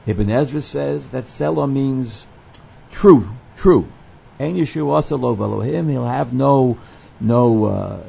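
Male Torah teacher, gravelly and mellow, readings, explanatory lesson delivery, dull lo-fi recording. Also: medium pitch. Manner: explanatory, quotes the Hebrew text and then translates it. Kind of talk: verse-by-verse scripture lesson. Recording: dull lo-fi recording with faint noise.

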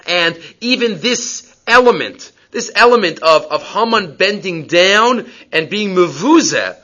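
A man's voice: high-pitched, animated, measured pace, sharp tone. A man giving a Talmud class, reading Aramaic lines and explaining them in casual English. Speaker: Torah teacher.

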